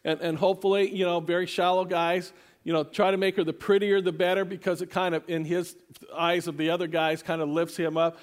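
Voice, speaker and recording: Male pastor, high-pitched voice, casual sermon delivery with frequent restarts. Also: flat delivery, fairly quick. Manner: conversational, repeats words and restarts often.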